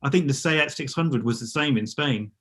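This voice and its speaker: Brief: man, panel regular, easygoing storyteller, mid-pitched voice. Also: normal speed, a bit bright. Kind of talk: casual video-call chat.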